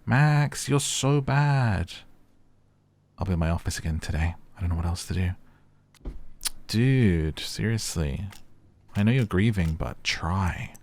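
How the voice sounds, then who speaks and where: In this let's play, a young man who makes gaming videos on YouTube works through a story game, reading its text messages aloud and chatting casually about what happens between them. His deep voice is a little mellow and moves at a normal speed, and he says "like" constantly.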